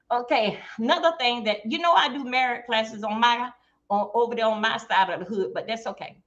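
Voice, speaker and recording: A middle-aged woman with a fairly high voice, talking on a livestream about relationships. She gets animated and acts out both sides of a couple's conversation. Her audio comes through a video call and sounds dull and lo-fi. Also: brisk. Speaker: guest.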